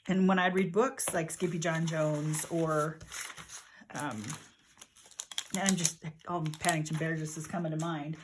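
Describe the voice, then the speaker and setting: A woman's voice: low voice, background noise. An older woman talking casually as she works on a journal, rambling and thinking aloud about her materials. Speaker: journaling vlogger. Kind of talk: casual crafting narration. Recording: paper crinkling heard in background.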